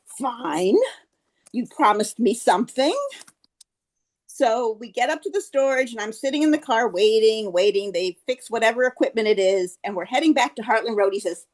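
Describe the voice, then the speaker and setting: A woman's voice: fairly high pitch, a little mellow. A woman giving a humorous personal anecdote speech at a club meeting, acting out quoted dialogue as she tells it. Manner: storytelling, acts out quoted dialogue.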